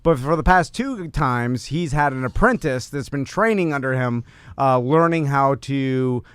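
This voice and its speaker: A man's voice: mid-range voice, expressive, measured pace, smooth, no room sound. A man co-hosting a casual radio-style talk show, telling stories with lots of fillers and chuckles. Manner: rambling storyteller with many fillers and laughs. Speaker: co-host.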